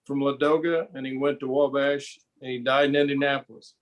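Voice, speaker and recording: A man in casual chat at a club meeting with an ordinary mid-pitched voice. He rambles and halts as he tries to recall details. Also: level tone, a little fast. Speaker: club member.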